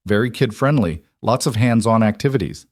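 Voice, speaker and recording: Man doing a self-assured businesswoman, firm, direct, lowish voice, dry close sound. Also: brisk, a little mellow, dry recording, natural voice. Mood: earnest. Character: self-assured woman executive, single, gently nervous. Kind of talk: audiobook dialogue.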